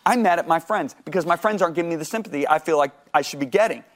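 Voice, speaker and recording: A man telling a personal faith story as an interview guest, acting out his dialogue with God and repeating words when excited. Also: a little high, very fast. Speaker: guest sharing his testimony.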